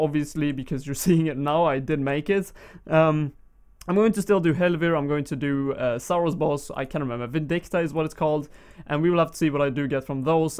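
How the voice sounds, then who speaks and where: A young man with a Swedish accent talks through his gameplay in a loose, rambling way, often pausing on fillers as he thinks aloud. His voice sits a little higher than most men's. He speaks into a desktop mic for his channel's commentary. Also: a little mellow, clean tone. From Sweden. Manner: chatty, rambling, with frequent fillers. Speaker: gaming YouTuber.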